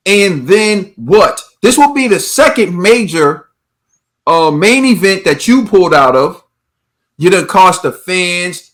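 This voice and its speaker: High-pitched man, boxing podcast host, heated rant, rhetorical questions. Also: fairly bright tone. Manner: emphatic, repetitive rhetorical questions.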